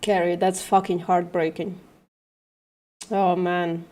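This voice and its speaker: A woman hosting a casual livestream, working through logic aloud in a halting, self-correcting way, swearing and laughing at herself. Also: on the low side. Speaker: livestream host.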